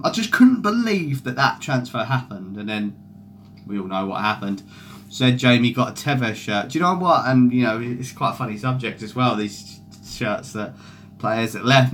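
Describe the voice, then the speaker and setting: On a football fan livestream, a young man chats casually and rambles, cursing freely and reading out comments from the chat. He speaks at medium pitch, and a faint hiss or hum can be heard.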